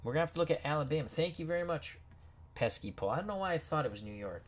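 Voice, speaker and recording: A man's voice: a little high, expressive, very fast. A man hosting a gaming video, reading player names off team rosters with casual asides and reactions. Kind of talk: casual game commentary.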